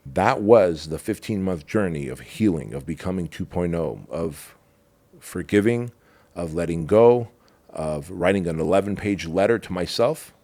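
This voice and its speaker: Deep-voiced middle-aged man, raw and candid. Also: expressive, a little slow, mellow. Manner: raw and emotional, swears, calls the listener bro. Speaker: podcast guest. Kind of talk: candid personal storytelling.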